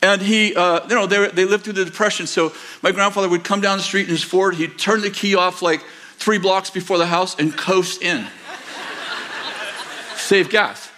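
Older male pastor, sixties, high-pitched, rambling storyteller who acts out quotes in a sermon. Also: fairly even intonation, normal speed, bright, forceful tone. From United States. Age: 60s. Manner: rambling, self-correcting anecdotes with acted-out quotes. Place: church auditorium.

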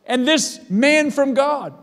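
A man's voice: very high-pitched, animated, takes it slowly, in a large hall. A male pastor delivering a sermon in a church, emphatic and repeating his phrases for weight.

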